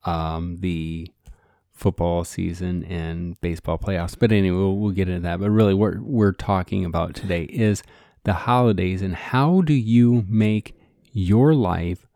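A man co-hosts a casual podcast, chatty and earnest as he talks straight to his listeners. His voice is very deep, dark and gravelly. It is recorded dry and close. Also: no room sound. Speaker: podcast co-host.

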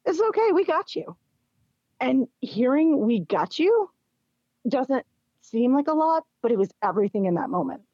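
A woman's voice: fairly high pitch, no echo. A middle-aged woman, an interview guest, telling a personal story in casual chat and acting out what others said. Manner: animated, acts out quoted dialogue with laughs. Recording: dull, dry lo-fi recording.

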